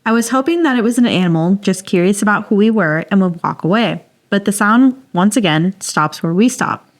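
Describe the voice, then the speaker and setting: A woman's voice: medium pitch, animated, a little fast. A woman co-hosting a podcast, reading a listener's story aloud in a playful, dramatic way and laughing often. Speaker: podcast co-host.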